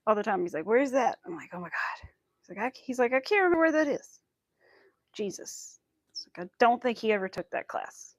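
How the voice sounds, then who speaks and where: A woman's voice: mid-range voice, a bit bright, dry recording. A young woman hosting a crochet livestream, chatting casually and rambling through stories with quoted asides. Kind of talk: casual chat while crocheting.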